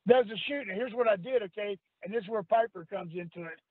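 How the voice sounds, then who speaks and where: An older man spins salty stories in a strikingly high voice. He talks rough and laughs a lot. The sound is thin and tinny, like a phone call, with no room around it. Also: fast talker, no room sound. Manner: rough, salty storyteller, quoting others, laughing often. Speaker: guest, retired wrestler. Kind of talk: storytelling on a call-in radio podcast. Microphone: phone line. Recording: tinny phone line, dry.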